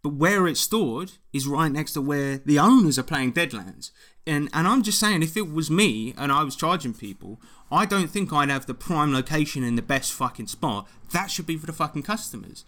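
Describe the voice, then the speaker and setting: A man's voice: on the high side, expressive, normal speed, a bit bright. A man, ranting animatedly and swearing often in a casual chat. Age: 20s.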